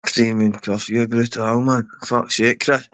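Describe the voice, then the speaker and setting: A Scottish man ranting on a livestream, swearing and hurling insults at people who are not there. His speech is slow and drawn out, and his voice stays smooth and clear. He rambles, stops to call out viewers by name, then goes back to the rant. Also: medium pitch, little pitch movement. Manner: foul-mouthed, insulting; rambling, talks to chat by name.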